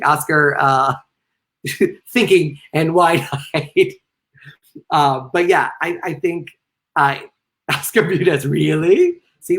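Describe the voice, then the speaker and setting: A man giving a live-streamed lecture to performers, reading out chat comments and cracking joking asides as he goes. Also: a bit bright. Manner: joking asides, sudden playful jumps in pitch. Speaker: lecturer and comedian.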